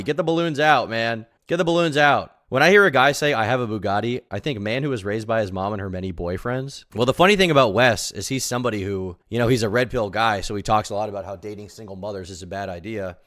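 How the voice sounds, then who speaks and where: A man streaming a live reaction, mocking and incredulous, swinging between loud rants and quiet asides. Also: lowish voice, quick pace, hardly any pauses.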